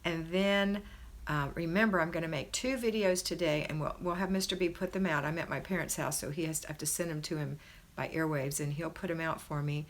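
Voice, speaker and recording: A woman's voice: low-pitched, fairly even intonation, fairly quick. A middle-aged woman hosting a homemaking live stream from a house, reading viewer comments and cheering them on. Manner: warm, encouraging, cheerleading. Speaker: host of a homemaking livestream. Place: her parents' house, indoors.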